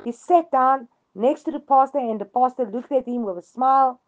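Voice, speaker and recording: A woman's voice: high voice, moderate pace, phone-quality sound, a little hiss or hum. A woman giving a devotional radio reading, telling a story earnestly with emphatic repetition.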